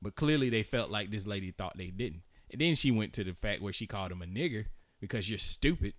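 A man's voice: fairly low pitch, animated, a little fast, no echo. A man co-hosting a podcast in casual chat, blunt and joking, speaking his mind on the news. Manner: blunt, joking, then earnest commentary. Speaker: podcast co-host.

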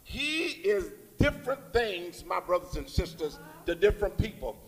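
A man with a high voice delivers a Sunday sermon from the pulpit. He calls out for the congregation to respond and builds his lines with rising emphasis. His words ring with the long reverb of a church hall. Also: very animated, normal speed. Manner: call-and-response preaching, rising emphatic phrases. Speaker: preacher. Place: church sanctuary.

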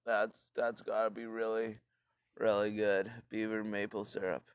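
Slow, rambling man, crude jokes. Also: lowish voice, level tone, clean tone, no room sound, studio quality. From Canada. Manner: rambling, crude, swears often. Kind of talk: comedic stereotype rant.

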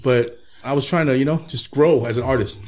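A man's voice: mid-range voice, fairly quick, darkish tone, slight background noise. A man, a rapper guest in his thirties, telling profane, laid-back stories with frequent laughs in a casual interview.

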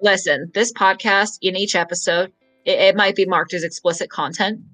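A man's voice: high-pitched, steady tone, sharp tone, soft background music, low-quality recording. Male podcast host, casual, rambles and stammers. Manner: rambling, stammering, quick to laugh. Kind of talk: casual chat.

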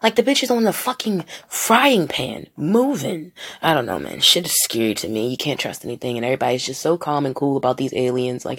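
A woman talks alone on her own podcast, rambling and swearing while she mocks other people in put-on voices. Her voice sits very low and is rough with vocal fry and a husky edge. She sounds a little high. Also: fairly quick, few pauses. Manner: profane, rambling, animated with mocking voices. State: partially high. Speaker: podcast host. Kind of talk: casual solo podcast rant.

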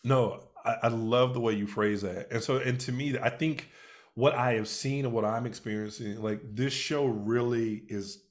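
A podcast co-host in casual chat, reflective and quick to laugh. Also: medium pitch, fairly even intonation.

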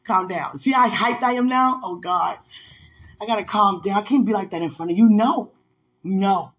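A woman chatting on a faith podcast call. She swings between hushed murmurs and loud, laughing outbursts, and keeps telling herself to calm down. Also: medium pitch, normal speed. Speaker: podcast co-host. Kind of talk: casual faith chat on a call.

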